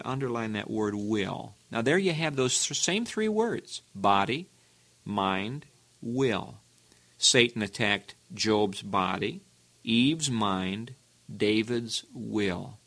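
Male preacher, middle-pitched, emphatic sermon delivery with rhetorical questions. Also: bright, forceful tone. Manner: earnest, emphatic, with sudden rises in pitch.

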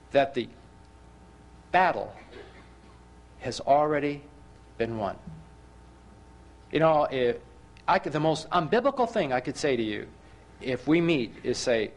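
Animated male preacher telling stories. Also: fairly high pitch. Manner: animated storyteller, frequent restarts, emphatic rises. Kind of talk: sermon with personal storytelling.

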